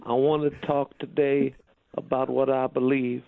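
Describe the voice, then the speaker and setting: A man putting on a soft-spoken, unhurried caller voice, gravelly and low-key. The joke lands flat and deadpan over a muffled, lo-fi phone line. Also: lightly acted. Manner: slow, soft-spoken, deadpan one-liners.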